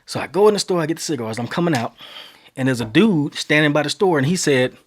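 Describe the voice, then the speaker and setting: Animated storytelling man from texas. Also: fairly high pitch, fast. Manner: animated storyteller, voice climbs when excited. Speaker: podcast host. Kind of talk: casual storytelling monologue.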